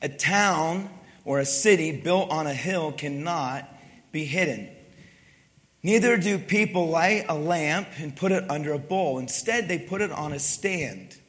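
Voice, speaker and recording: Hoarse pastor with a raspy voice. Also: male voice, a little high. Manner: chatty and self-deprecating, then hushed in prayer. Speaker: wrestling coach. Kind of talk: sermon. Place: church sanctuary. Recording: long hall reverb.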